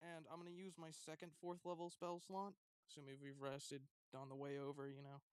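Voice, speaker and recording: A tabletop player talks eagerly and stammers often. The voice is smooth and clear. The sound is dry and close. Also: mid-range voice, completely flat delivery, brisk, a little mellow, no room sound. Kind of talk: casual tabletop play.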